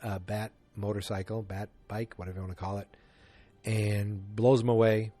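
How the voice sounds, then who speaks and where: Low-voiced man, casual rambling podcast host. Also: little pitch movement, normal speed, warm tone, faint music behind. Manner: rambling, loose, full of fillers and restarts. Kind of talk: casual movie review podcast.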